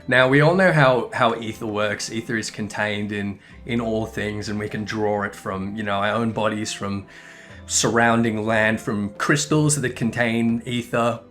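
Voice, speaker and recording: A man's voice: lowish voice, steady tone, unhurried, a bit bright, faint music behind. Rambling, profane male game commentator. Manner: rambling, profane, self-correcting. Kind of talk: casual gameplay commentary.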